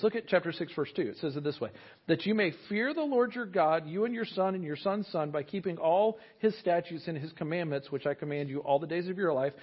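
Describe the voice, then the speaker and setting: A high-voiced man preaching a lively sermon, acting out quotes and tossing in jokey asides. The recording is dull and lo-fi, captured in a church sanctuary. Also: breathy edge. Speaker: pastor.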